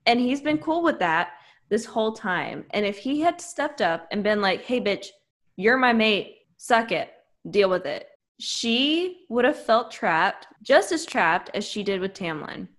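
Animated woman ranting about a book. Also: medium pitch, a little slow. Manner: emphatic, animated opinions with swearing. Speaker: podcast co-host. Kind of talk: casual book chat.

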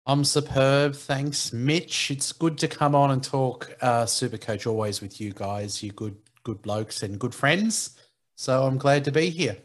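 A man's voice: mid-range voice, measured pace. A man, a guest on a sports podcast, talking confidently and casually with the odd swear word.

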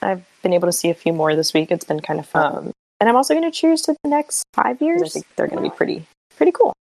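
A woman in her twenties leading a podcast chat, talking in a reflective, measured way. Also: mid-range voice, gravelly, darkish tone, no room sound, poor audio. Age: 20s. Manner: reflective, wraps up topics with a measured toast.

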